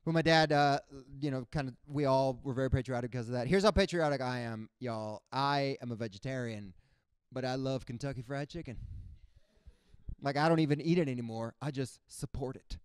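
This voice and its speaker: A young man from Cuba performing a stand-up comedy set on stage, with no accent and frequent jumps into high character voices. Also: a little fast, clean tone, no echo, clean studio sound. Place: comedy stage before a live audience.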